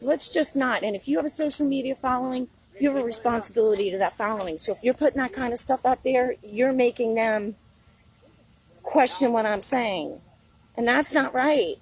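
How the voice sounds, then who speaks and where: A woman's voice: on the high side, moderate pace, rough recording. A middle-aged woman on a casual outdoor phone livestream, talking candidly and rambling, often breaking into laughter. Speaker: vlogger. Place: outdoors in a city.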